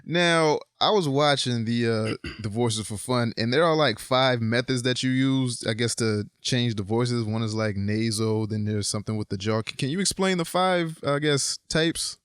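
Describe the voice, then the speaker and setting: A male podcast host with a resonant voice, asking unhurried, slightly hesitant interview questions. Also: mid-range voice, fairly bright tone, clean tone, dry recording, studio quality.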